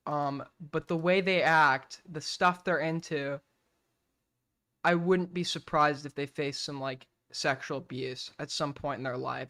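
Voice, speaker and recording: Young male host, casual reaction commentary, blunt and profane, slightly high, bright and forceful tone. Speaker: streamer host.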